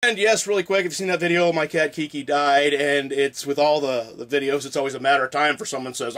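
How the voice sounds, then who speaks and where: A man hosting a casual spider vlog, talking in an excitable, rambling, jokey way. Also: on the high side, a little fast. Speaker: spider video creator.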